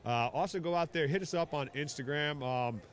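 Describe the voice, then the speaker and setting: A man's voice: a little high, a little fast. Chatty thirties man doing rugby commentary. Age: 30s. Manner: chatty, excitable, bursts into shouts on big plays. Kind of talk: casual live sports commentary. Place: outdoors at a rugby match.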